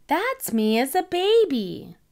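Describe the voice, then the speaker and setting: A woman voicing a small, excitable girl piglet in a storybook, using a high childlike voice. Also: slow pace, exaggerated voice. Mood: excited.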